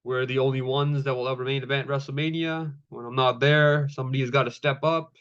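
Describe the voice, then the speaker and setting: A man at a middle pitch talks through a wrestling recap in a loose, casual way, dropping fillers and curse words as he goes. His voice comes through a slightly dull, lo-fi recording. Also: little pitch movement, a little fast, few pauses, a bit bright. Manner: laid-back, swears freely, many fillers, acts out quotes. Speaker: wrestling show reviewer.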